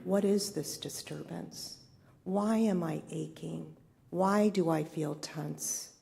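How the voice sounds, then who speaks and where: Middle-aged woman, spiritual leader, relaxed sermon, warm dark tone with gravel. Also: deep voice, slow pace. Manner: conversational, reflective, asks the congregation questions.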